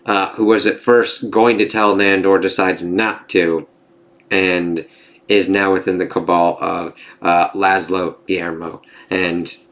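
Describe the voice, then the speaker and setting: Male reviewer, lowish voice, casual and excitable, swears freely, filler-heavy. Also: takes it slowly. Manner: excitable, profane, lots of "kind of" and "like". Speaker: TV episode reviewer. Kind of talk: casual spoiler recap and review.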